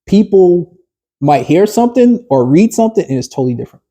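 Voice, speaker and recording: A man's voice: high-pitched, big pitch swings, brisk, dark tone. A man, a business coach, giving a casual workshop talk to a small group, rambling with fillers and restarts and putting questions to the group.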